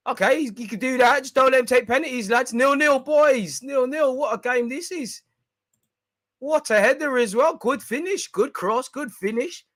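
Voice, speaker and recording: A man hosting a live football watch-along, reacting excitably and chatting with viewers in slang. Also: very high voice, normal speed, no room sound.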